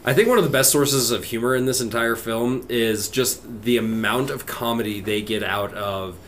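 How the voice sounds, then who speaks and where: A young man co-hosting a podcast, talking in a relaxed, profane way, a bit loose from a few beers. His voice sits at a middle pitch, with faint background noise. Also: moderate pace. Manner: laid-back, profane, wraps up the show. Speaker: podcast co-host. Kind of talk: casual chat.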